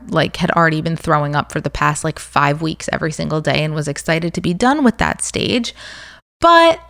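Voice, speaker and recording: Chatty young woman, lowish voice. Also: fairly bright tone, no echo, studio quality. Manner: chatty, filler-heavy, candid. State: pregnant. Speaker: podcast host. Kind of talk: casual chat.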